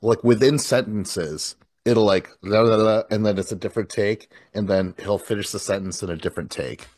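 A man's voice: fairly low pitch, moderate pace, a little mellow, dry recording. A man co-hosting a casual podcast chat, ranting bluntly and exasperatedly, with some swearing. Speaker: podcast co-host.

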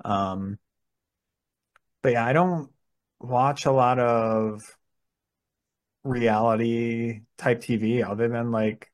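Male co-host, average pitch, hesitant, filler-laden delivery. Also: steady tone, slow pace, pauses often. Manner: hesitant, full of "like" and restarts. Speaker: podcast co-host. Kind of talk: casual chat.

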